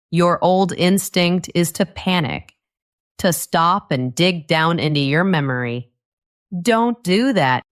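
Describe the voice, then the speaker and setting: A woman narrates an English lesson in a lowish voice with a lot of movement in her pitch. She keeps her sentences short and simple and comes back to the key phrases. Her pace stays slow and unhurried. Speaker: English teacher.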